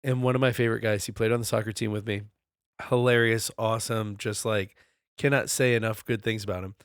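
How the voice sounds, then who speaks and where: A man's voice: fairly low pitch, fairly even intonation, a little fast, clean tone, dry recording, clean studio sound. A man in his forties co-hosting a podcast, telling stories in a loose, profane, easygoing way. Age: 40s. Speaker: podcast co-host. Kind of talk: casual chat.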